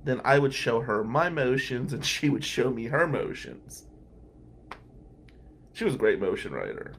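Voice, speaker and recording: A man hosts a podcast and tells loose, meandering stories about work and friendship. His voice sits at an ordinary middle pitch, and his casual delivery is broken up by small chuckles. A faint hum of noise sits under the recording. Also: big pitch swings, measured pace, gravelly, a bit bright. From Atlantic City, New Jersey. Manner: rambling, conversational, chuckles between remarks. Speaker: podcast host and criminal defense lawyer. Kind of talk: casual anecdotal storytelling.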